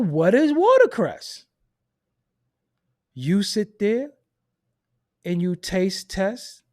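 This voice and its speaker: A man delivers an unfiltered, profane monologue about hip hop culture. His voice sits somewhat high and swings widely as he rants. He often laughs at his own points. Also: gravelly, a little mellow. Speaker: host of a hip hop commentary channel.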